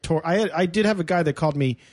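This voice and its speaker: A man's voice: on the high side, fast, a little mellow, dry recording, studio quality. A man co-hosting a podcast in loose, joking casual chat. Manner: playful, does silly voices and impressions. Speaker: podcast co-host.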